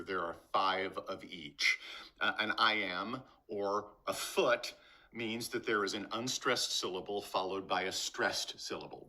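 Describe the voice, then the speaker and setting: An older man teaching acting in his garage, energetic and rhythmic, tapping out beats as he explains, recorded on a camera mic. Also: lowish voice. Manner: energetic, rhythmic demonstrations, bouncing a ball. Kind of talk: instructional talk to camera. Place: garage with concrete floor. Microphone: camera mic, steps back from it.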